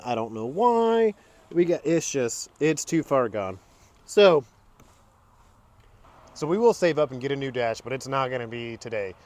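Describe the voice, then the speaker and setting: A man's voice: fairly high pitch, big pitch swings, normal speed, long pauses, a little mellow. A man hosting a home garage channel, talking through a truck repair in a casual, chatty way and drifting into side stories. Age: adult. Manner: chatty storyteller, drifts into tangents. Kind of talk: casual how-to narration.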